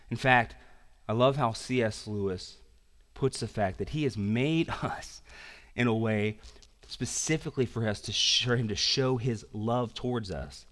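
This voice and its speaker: A pastor delivers a sermon in a medium-pitched, unhurried voice. He swings between loud, emphatic stretches and quiet, intense ones, dropping casual slang into his asides.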